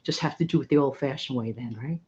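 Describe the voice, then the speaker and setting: A woman's voice: extremely low pitch, fast, darkish tone, muffled recording, slight background noise. A middle-aged woman hosting a vlog, telling stories in a chatty, rambling way and laughing often. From New York City. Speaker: vlog host. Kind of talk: casual storytelling monologue.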